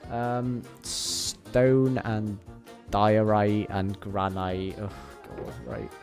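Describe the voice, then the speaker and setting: A man's voice: lowish voice, drawn-out words, a little mellow, faint music behind. A young man streaming a game from his bedroom, chatting playfully and rambling to his viewers. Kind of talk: casual chat while gaming. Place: home bedroom.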